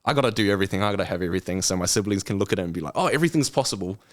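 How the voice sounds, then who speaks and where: A man's voice: deep voice, fairly even intonation, racing. A man in his twenties, a podcast guest, talking earnestly and motivationally in casual chat and acting out lazy excuses in funny voices. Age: 20s.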